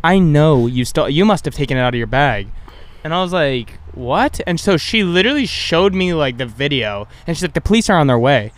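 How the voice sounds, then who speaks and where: A man's voice: a little high, big pitch swings, a little fast. A young man chatting casually, rambling through crude stories and acting out what people said. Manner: rambling, crude storytelling with voiced quotes. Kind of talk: casual chat.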